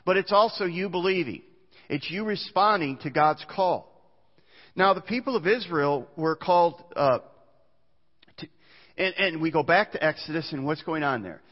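A man preaching a sermon as pastor, earnest, reading scripture aloud with small restarts. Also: fairly high pitch. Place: church sanctuary. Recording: muffled church recording with long reverb.

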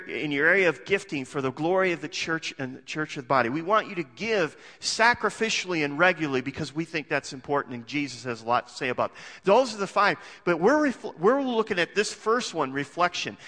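Male pastor, somewhat high and bright voice, chatty sermon with homely jokes, long hall reverb. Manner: conversational, full of rhetorical questions and homely jokes.

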